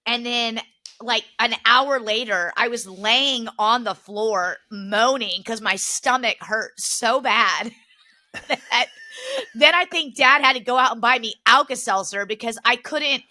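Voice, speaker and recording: A young woman co-hosting a podcast, telling family stories in a casual, animated way, laughing often and acting out what relatives said. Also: a little high, measured pace. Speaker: podcast co-host. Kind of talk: casual chat, storytelling.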